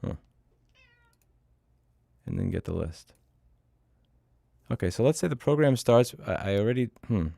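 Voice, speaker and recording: A man's voice: lowish voice, lively intonation, a little slow, gravelly, long pauses, mellow, dry recording, clean studio sound. A middle-aged man livestreaming himself coding, in casual, blunt, profane talk, muttering to himself as he works. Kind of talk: casual livestream chat while programming.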